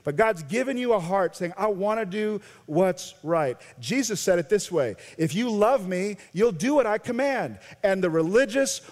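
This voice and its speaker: An American pastor with a high-pitched voice preaches to his congregation. His delivery is animated, rising to loud emphasis and dropping to quiet intensity. The sound rings with the long reverb of a large sanctuary. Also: normal speed, hardly any pauses. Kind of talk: sermon.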